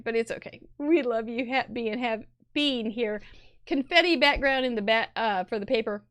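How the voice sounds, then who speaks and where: Midwestern lady rambling through viewer cards on a live craft show, kinda high voice, punny and chatty. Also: moderate pace, fairly bright tone. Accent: American Midwestern. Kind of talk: live stream chat reviewing viewer cards.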